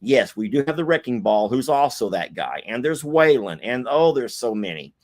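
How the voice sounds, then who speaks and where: A man's voice: medium pitch, moderate pace. A middle-aged man chatting casually on a livestream in a folksy, joking way. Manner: folksy, joking, animated asides. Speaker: co-host.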